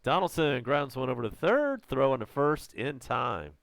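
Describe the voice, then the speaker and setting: A man with a Southern American accent calling live baseball play-by-play as a fan, chatty between pitches and loud on home runs, his voice strained and close to giving out. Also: moderate pace, creaky, no room sound. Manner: casual, chatty calls with excited home run shouts.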